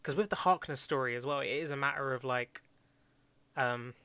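A man in relaxed conversation, his voice sharp and bright and a little phlegmy. He hesitates and restarts often. The sound is dry and close. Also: medium pitch, normal speed, clean tone, no echo. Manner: hesitant, many restarts and fillers. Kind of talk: casual chat about film ideas.

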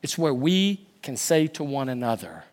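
A male pastor preaching a sermon in an animated way, swinging between loud emphasis and hushed lines. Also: mid-range voice, normal speed.

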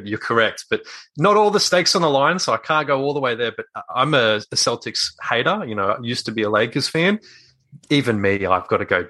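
A man's voice: medium pitch, expressive, fast, bright, forceful tone. A man hosting a casual sports podcast, joking and teasing his panel. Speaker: podcast host.

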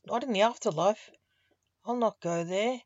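A woman's voice: medium pitch, moderate pace, dry recording, lightly acted. A woman reading Max, young vampire. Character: young male vampire, anxious friend. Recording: dull, dry lo-fi audio.

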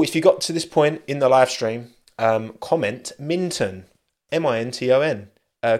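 A man hosting a casual live stream, chatting loosely as he wraps up. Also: mid-range voice. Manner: chatty, rambling, soft cooing to his dog. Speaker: livestream host. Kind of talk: casual live chat sign-off.

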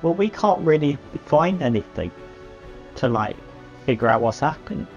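Lively game master, a man. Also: on the high side, normal speed, lo-fi sound, faint music behind. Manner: hesitant, with many fillers. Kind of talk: narrating a tabletop game.

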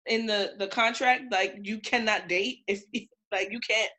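A woman's voice: medium pitch, steady tone, bright, forceful tone. A woman co-hosting a casual podcast chat, outspoken and emphatic, teasing her co-host. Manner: outspoken, emphatic, quick to tease.

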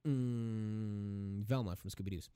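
A man's voice: on the low side, fairly even intonation, slow pace, dark tone, clean tone, dry recording, clean studio sound. A young adult man co-hosting a podcast. He retells a movie scene in casual, rambling chat, swearing and laughing as he goes. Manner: rambling, swears freely, laughs while telling a story. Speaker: podcast co-host.

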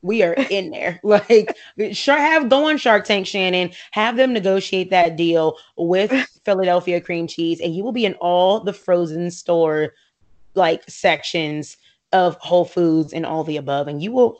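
An American woman chats casually and opinionatedly about reality TV, laughing often and slipping into voices when she quotes friends. Her voice is fairly low in pitch and a little slow.

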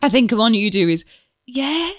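A woman's voice: on the high side, big pitch swings, fairly quick, no room sound, studio quality. A woman co-hosting a podcast, chatting casually and teasing the others, laughing often. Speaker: podcast co-host. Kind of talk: casual chat.

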